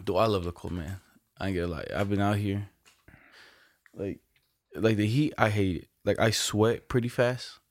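A podcast co-host with a fairly low, steady voice talks at normal speed, leaving long pauses. He tells stories in relaxed, slangy chat laced with plenty of profanity, recorded with no room sound.

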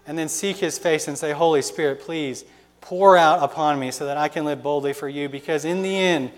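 A male pastor delivering an impassioned sermon, rising to loud exhortation and dropping to hushed pleading. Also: a little high, moderate pace, big-room sound.

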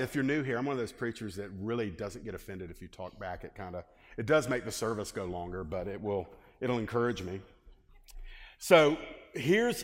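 A male pastor preaching a lively sermon and asking his congregation questions. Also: fairly low pitch. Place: church hall. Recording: long hall reverb.

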